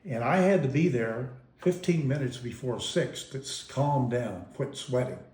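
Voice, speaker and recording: A man's voice: medium pitch, expressive, measured pace, darkish tone. A man being interviewed, casually reminiscing about his family as an amused storyteller who often stops and restarts his sentences. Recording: roomy echo.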